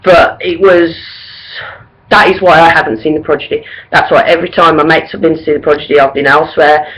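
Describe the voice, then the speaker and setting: A woman's voice: deep voice, fairly even intonation, brisk, a bit bright, rough recording. Gushing, rambling woman vlogger. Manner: gushing and rambling, full of ums and likes. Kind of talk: casual to-camera gig review.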